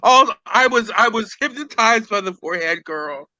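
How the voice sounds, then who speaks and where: A man with a high, bright voice trades gossip in a sassy, theatrical way. He drops "girl" and "honey" into every line and plays up his own reactions. The delivery is quick and cutting. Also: lively intonation, dry recording, rough recording. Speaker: host. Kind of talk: casual gossip chat.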